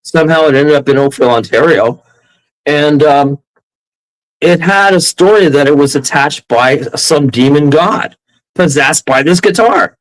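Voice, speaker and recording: Excitable rambling man, fairly high voice. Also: a little slow, rough recording. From Canada. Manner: rambling, excitable, laughs often. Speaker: guest. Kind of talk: casual storytelling in an interview.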